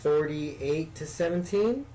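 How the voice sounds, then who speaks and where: A man's voice: on the high side, animated, takes it slowly, warm tone, poor audio. Easygoing male co-host recapping games, slight room noise behind him. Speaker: podcast co-host. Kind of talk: casual chat about sports.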